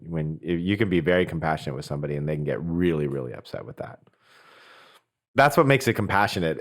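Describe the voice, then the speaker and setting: Very deep-voiced reflective man. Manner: earnest, reflective, thinks aloud with restarts. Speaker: podcast host. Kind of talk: conversational podcast talk.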